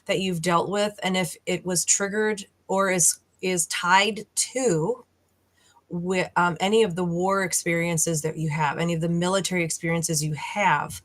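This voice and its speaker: Earnest woman explaining, low voice. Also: fairly even intonation, measured pace. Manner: earnest, explanatory, searching for words. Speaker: guest. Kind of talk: casual chat.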